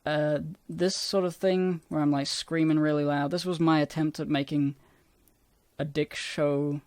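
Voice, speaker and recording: A man casually rambling about his own old videos, self-deprecating and swearing often, with a somewhat squeaky voice. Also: little pitch movement, measured pace, a little mellow, smooth, no room sound.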